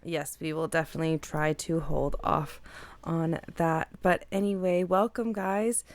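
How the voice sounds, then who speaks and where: A young woman co-hosting a casual podcast chat, rambling with lots of "like" and quick agreement. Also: deep voice, fairly even intonation, dry recording. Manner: rambling, fills talk with "like" and frequent "yes" agreement. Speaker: podcast co-host.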